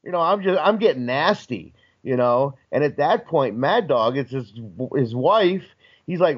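A man's voice: on the high side, a little slow, husky, lo-fi sound. A man who is a guest on a podcast, telling a story in casual talk and acting out the voices in it. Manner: animated, acts out voices in his stories.

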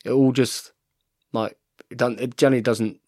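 An English man in his thirties, a professional rugby player, chatting excitedly while rewatching match footage and calling his friend "mate" constantly. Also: mid-range voice, normal speed, dry recording, clean studio sound. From England. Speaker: guest, professional rugby fly half. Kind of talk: casual chat while watching match footage.

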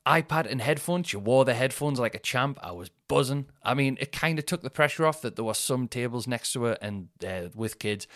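Rambling man, low voice. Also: a bit bright, dry recording, clean studio sound. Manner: rambling, self-mocking, swears freely, slips into mocking voices. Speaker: comedian and podcast host. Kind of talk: casual solo podcast chat.

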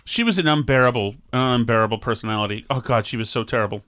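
A man's voice: mid-range voice, fast talker, fairly bright tone, dry recording, studio quality. A man co-hosting a podcast in casual banter, sarcastic and rambling, with stammered restarts. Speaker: podcast co-host.

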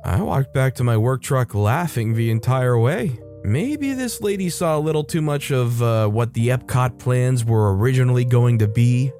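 A man's voice: mid-range voice, lively intonation, normal speed, hardly any pauses, mellow, faint music behind. A man narrating Reddit stories aloud with wry, conversational asides. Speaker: storytime narrator.

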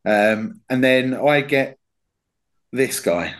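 A man with a lively, swooping voice tells a story in a relaxed podcast chat. He swears freely and keeps breaking into laughter, and his pitch rises and falls a lot while he talks. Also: very slow. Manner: sweary, animated, laughs while telling stories. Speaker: podcast host.

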